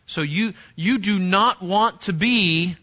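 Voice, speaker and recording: A man's voice: high-pitched, slow pace, bright, forceful tone. A man preaching a sermon to teenagers, emphatic, repeating words and restarting phrases. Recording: dull lo-fi sound.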